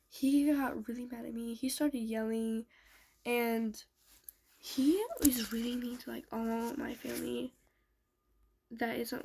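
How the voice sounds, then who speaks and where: A young woman with a slightly raised, gravelly voice tells a personal story in an unhurried, rambling way. She is a bit sick and leans on "like" and "um" between thoughts. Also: fairly high pitch, darkish tone, slight background noise, poor audio. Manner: rambling, full of "like" and "um" fillers. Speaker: storytime vlogger. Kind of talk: casual storytelling.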